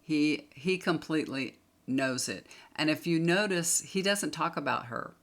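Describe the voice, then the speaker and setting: A woman's voice: low-pitched, unhurried, fairly bright tone. A woman tarot reader talking casually to a camera, chatty and emphatic, repeating points for stress.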